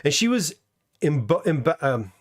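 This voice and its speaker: A man's voice: on the high side, big pitch swings, moderate pace. A middle-aged man hosting a casual movie review chat, rambling and stopping to search for words. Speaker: host.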